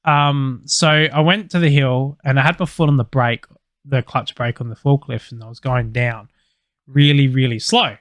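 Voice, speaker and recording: A man's voice: medium pitch, fairly even intonation, moderate pace, a bit bright, dry recording. A man casually telling a podcast story, loose and sweary with lots of fillers. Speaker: podcast co-host.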